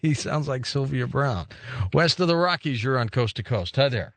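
Radio host guy, quick quips between callers, lively pitch, dry studio mic. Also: no room sound. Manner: brief quips and prompts. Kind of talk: late-night call-in radio.

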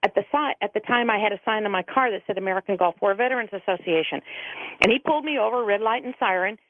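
A woman's voice: mid-range voice, fast talker, a little hiss or hum. A middle-aged woman, a veterans' advocate calling in as a radio guest, telling stories earnestly and quoting people at length. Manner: earnest storytelling, quotes others at length. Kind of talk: radio interview over the phone. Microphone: telephone. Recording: tinny phone line, dry.

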